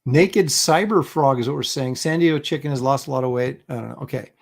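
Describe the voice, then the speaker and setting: A middle-aged man hosts a laid-back livestream, chuckling and rambling as he reacts to clips and reads out viewer comments. His voice has a gravelly, fry-laden edge at an ordinary pitch. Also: brisk. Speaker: livestream host. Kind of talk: casual livestream chat.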